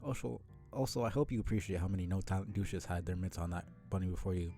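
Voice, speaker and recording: Male reader as sardonic teen boy, rambling and cocky, low warm voice. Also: steady tone, fast, soft background music. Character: laid-back sardonic teenage boy who rambles.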